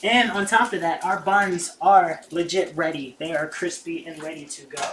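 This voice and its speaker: A young adult livestream host who chats casually and excitably while cooking in a home kitchen. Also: mid-range voice, normal speed, few pauses, noisy background. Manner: excitable, chatty, slangy.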